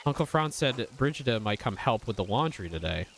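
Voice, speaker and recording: A man voicing a sulky, dutiful young farmhand in a game, reading the lines flatly. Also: medium pitch, fairly quick, creaky, slight background noise. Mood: grumbling.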